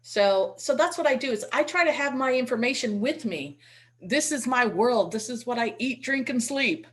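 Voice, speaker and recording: A woman's voice: fairly high pitch, lively intonation, normal speed, a bit bright. A woman teaching real estate investing in an online webinar, speaking through a computer mic in a chatty way and repeating words as she restarts. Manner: demonstrates with call scripts.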